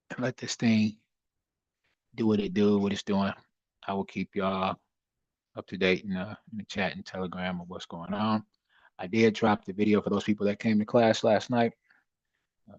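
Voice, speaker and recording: Casual male livestream host, low voice, laid-back and chatty, close dry mic with a slightly dull sound. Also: no room sound. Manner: laid-back, chatty, reads chat aloud.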